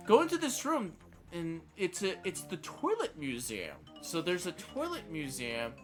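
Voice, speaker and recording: A man streaming a game, casually telling a dream story in an animated way. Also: high-pitched, normal speed, soft background music. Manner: animated storyteller, puts on voices for quoted people.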